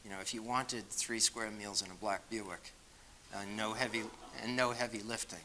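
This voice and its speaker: A man's voice: fairly low pitch, fairly even intonation, normal speed, background noise. A man with a Boston accent answering questions at a talk, speaking conversationally and with self-deprecating humor.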